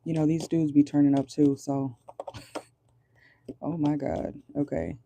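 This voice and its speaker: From inside a car, a tarot reader gives a casual reading, often pausing to channel, swearing and laughing nervously. The mid-range voice is mellow and level in tone, with a faint hiss or hum in the background.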